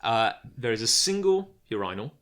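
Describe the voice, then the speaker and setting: A man's voice: medium pitch, big pitch swings, normal speed, fairly bright tone. A man hosting a casual podcast, telling a story with lots of fillers and frequent laughs. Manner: rambling storyteller, laughs often, many fillers. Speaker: podcast host. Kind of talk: casual chat.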